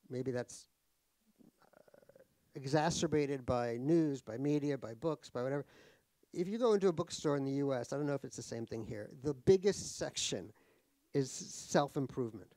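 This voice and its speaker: On stage at a live talk in a cultural center hall, a middle-aged author from New York chats casually, joking wryly about himself with many restarts. His voice is mid-range and mellow, with no room sound.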